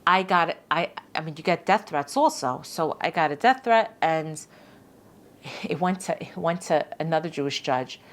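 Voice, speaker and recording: With a voice that sits low and a normal pace, a middle-aged woman judge recounts stories in a relaxed podcast interview. She is animated, repeating words frequently and performing others' lines.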